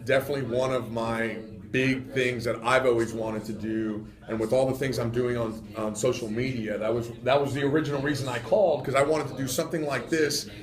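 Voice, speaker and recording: Animated man telling fishing stories. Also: medium pitch, brisk, few pauses, reverberant. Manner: animated storyteller, many fillers. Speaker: fishing guest. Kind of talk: casual radio studio chat. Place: radio studio.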